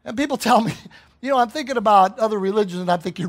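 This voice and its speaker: A man delivers a sermon as pastor in a church, his voice pitched high for a man. He preaches with fervent emphasis and presses his points with a string of rhetorical questions. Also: fast, creaky. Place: church sanctuary.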